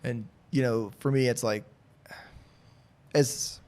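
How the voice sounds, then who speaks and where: A man's voice: medium pitch, fairly even intonation, takes it slowly, a little mellow. A man in his thirties, a guest on a podcast, talking candidly in a rambling, casual way with lots of fillers. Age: 30s. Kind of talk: casual chat.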